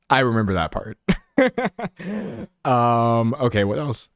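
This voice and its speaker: A young man in casual live-stream chat, giggling often and rambling as he answers his viewers. His pitch sits in the middle range. The sound is dry and close. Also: wildly swooping pitch, moderate pace, dry recording.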